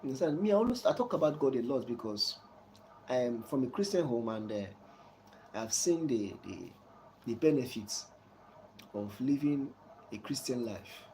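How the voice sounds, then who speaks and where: Guy preaching life advice, mellow voice, keeps asking you understand, faint hum behind. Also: medium pitch, expressive, normal speed, long pauses, rough recording. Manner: soft chuckles between points. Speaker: channel host giving life advice. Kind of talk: casual advice talk to a viewer.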